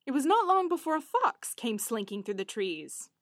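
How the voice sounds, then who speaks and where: A woman narrating a fairy tale in an expressive storybook style. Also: high voice, normal speed, no room sound, clean studio sound.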